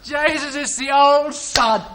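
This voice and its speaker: An actor playing a young soldier in the British Army, speaking slowly and wryly. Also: male voice, very high-pitched, steady tone, pushed and bright, full character voice. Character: homesick young Irish soldier.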